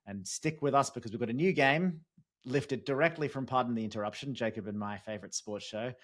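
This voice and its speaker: A man's voice: medium pitch, brisk, fairly bright tone. A man with an Australian accent, hosting a casual podcast chat with upbeat, chatty introductions. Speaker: host.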